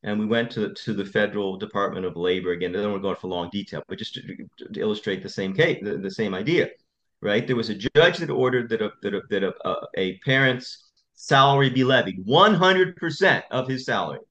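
A man, an attorney, speaking as a guest in a podcast interview and telling stories in an impassioned, animated way. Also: fairly low pitch, a little fast, lo-fi sound.

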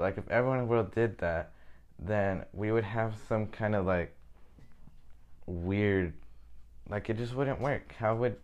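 Young guy with a low voice doing a loose rambly bible study, lots of okays. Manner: casual, rambling, says okay often. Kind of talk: informal Bible teaching.

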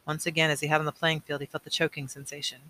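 Male audiobook reader, bright slightly high voice, plain and unpolished. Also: level tone, very fast. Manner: plain reading with small slips and self-corrections. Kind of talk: reading a novel aloud.

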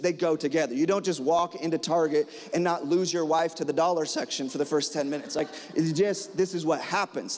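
Man, pastor, sermon, high voice, long hall reverb, animated storytelling. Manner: animated storytelling, acts out dialogue, fillers.

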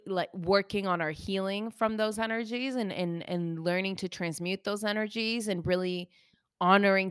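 A woman's voice: medium pitch, clear, resonant tone, no room sound, clean studio sound. A woman co-hosting a podcast, speaking earnestly and reflectively about healing in casual chat. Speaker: podcast co-host, healer.

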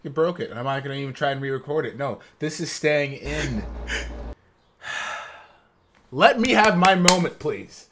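A man's voice: a little high, lively intonation, normal speed, long pauses, a bit bright, a little hiss or hum. A man in his thirties hosting a casual podcast, joking around with restarts and trailing thoughts. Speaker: podcast host.

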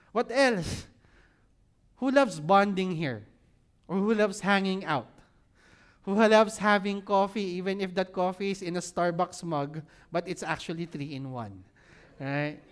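Pastor preaching to a congregation. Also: male voice, sits high. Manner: engages the audience with repeated questions; repeats key phrases for emphasis. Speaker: senior pastor. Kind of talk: sermon with scripture reading and prayer. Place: church service room with an audience.

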